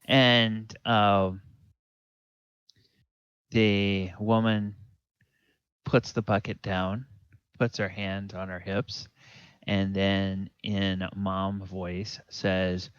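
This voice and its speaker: Slow, low-voiced dungeon master. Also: male voice, flat delivery, fairly bright tone, smooth, no room sound. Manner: hesitant, many fillers. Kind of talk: narrating a tabletop game. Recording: dull lo-fi, dry sound.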